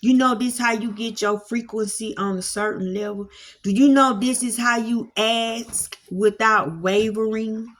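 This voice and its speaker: Talking at a measured pace in a somewhat high, steady voice, this spiritual teacher delivers a relaxed monologue to camera from her home while dogs lie at her feet. Her style is a folksy, Southern preacher's cadence, full of repeated phrases.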